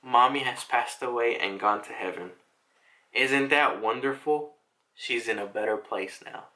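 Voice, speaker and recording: A man voicing a grieving enslaved father in a manga recap, speaking softly and pleadingly in his own everyday voice. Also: mid-range voice, unhurried, low-quality recording. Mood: gentle.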